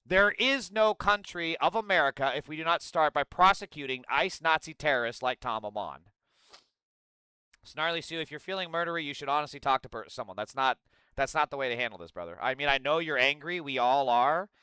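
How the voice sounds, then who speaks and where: Profane, heated man with a bright voice. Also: fairly high pitch, animated, a little fast, smooth, dry recording. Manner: angry, profane, sarcastic; reads and answers chat. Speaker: streamer host. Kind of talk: live political commentary.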